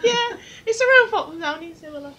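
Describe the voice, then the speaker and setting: A woman's voice: very high voice, lively intonation, brisk, pushed and bright, dull audio. A woman co-hosting a casual comedy podcast, playful and laughing often. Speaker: podcast co-host.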